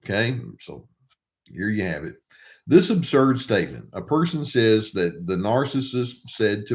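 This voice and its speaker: A man's voice: on the low side, very animated, a little slow, darkish tone. An older man, a therapist, talking casually and wryly to the camera while he thinks aloud. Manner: wry, conversational, thinking aloud.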